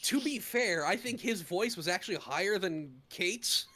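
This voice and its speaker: Bright, animated podcast co-host man. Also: sits high. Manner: animated, laughs often, quick asides. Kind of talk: casual chat.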